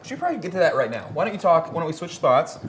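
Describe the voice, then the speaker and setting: A man's voice: on the high side, sing-song, a little hiss or hum. Upbeat male host in a kitchen. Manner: upbeat, with quick affirmations. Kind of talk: casual chat while cooking. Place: kitchen on a live show.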